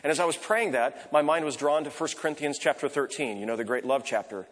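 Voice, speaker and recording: A man preaching a sermon as pastor, conversational, softly repeating short prayer phrases. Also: fairly high pitch, fast talker. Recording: echoey hall reverb.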